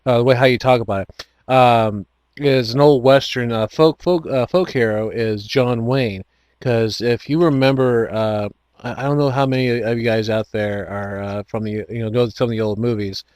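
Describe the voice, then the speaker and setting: A man's voice: medium pitch, fairly even intonation, moderate pace, darkish tone, no room sound. A man hosting an online chat show, rambling with many restarts and frequent laughs. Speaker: host.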